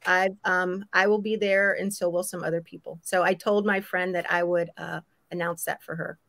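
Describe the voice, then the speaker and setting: A woman's voice: on the low side, little pitch movement, moderate pace, creaky, a bit bright, no echo. A woman co-hosting a casual talk show, chatty and upbeat. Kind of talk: casual chat.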